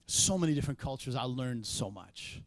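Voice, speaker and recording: A man preaching a sermon in a church, conversational in tone, with sudden loud emphatic peaks. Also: medium pitch, expressive, moderate pace, no room sound. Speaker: pastor.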